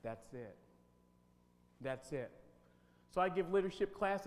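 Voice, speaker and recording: A man's voice: high voice, lively intonation, measured pace, long pauses. A man leading a team-building workshop, talking with emphasis and quizzing his audience. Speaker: workshop leader. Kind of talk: interactive workshop talk. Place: church hall. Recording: long hall reverb, faint hum.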